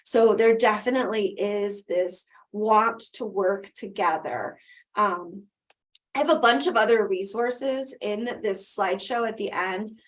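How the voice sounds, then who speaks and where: A woman's voice: medium pitch, unhurried. A woman presenting a live webinar over a video call, answering questions and wrapping up in a conversational way with frequent ums.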